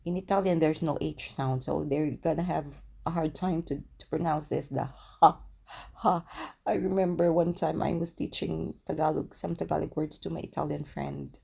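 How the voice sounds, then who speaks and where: A woman with a Filipino accent giving a casual language lesson, slowly repeating words for practice. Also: low-pitched, gravelly, dark tone, husky. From Philippines. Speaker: language teacher.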